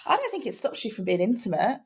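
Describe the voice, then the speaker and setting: A woman's voice: medium pitch, huge pitch swings, fast talker, slightly rough. A woman, co-hosting a casual chat podcast and speaking frankly and chattily. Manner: chatty, frank, acts out quoted people. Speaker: podcast co-host.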